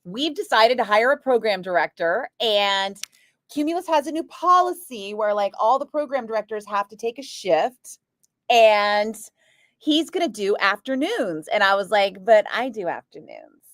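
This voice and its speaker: Animated woman DJ telling stories. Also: medium pitch, normal speed, no room sound, studio quality. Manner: animated, acts out quoted voices, frequent "like". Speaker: radio DJ chatting with a live stream. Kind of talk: casual storytelling chat. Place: radio studio. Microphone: studio microphone.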